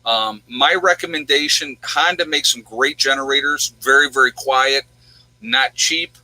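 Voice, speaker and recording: A man's voice: mid-range voice, a little slow, pushed and bright, dry recording, low-quality recording. A man hosting a casual livestream, chatting in a rambling way and answering viewers' questions. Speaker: livestream host.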